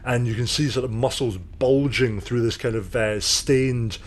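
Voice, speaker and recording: A man's voice: medium pitch, a little slow. A man narrating as game master of a tabletop game, rambling with many fillers.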